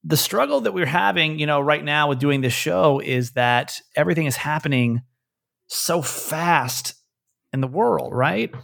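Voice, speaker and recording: A man's voice: on the high side, lively intonation, unhurried, vocal fry, fairly bright tone, no room sound, clean studio sound. A man hosting a podcast with his mother, talking in a loose, chatty way and often restarting sentences. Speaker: podcast host. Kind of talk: casual chat.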